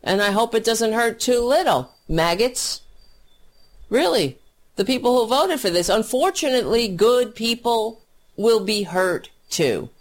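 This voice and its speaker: A woman's voice: a little high, lively intonation, measured pace. A woman giving an angry, sarcastic, profane political rant to camera. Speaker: political commentator.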